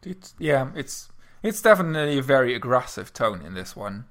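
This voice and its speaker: A man's voice: mid-range voice, big pitch swings, moderate pace, fairly bright tone. A man co-hosting a podcast, chatting casually and reading a poem aloud, often repeating words as he starts. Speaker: podcast co-host. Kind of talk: casual chat and poetry reading.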